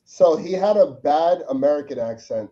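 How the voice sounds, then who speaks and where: A man's voice: on the high side, expressive, moderate pace, warm tone. A man co-hosting a casual movie podcast, joking around and swearing freely. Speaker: podcast co-host. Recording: dull lo-fi mic.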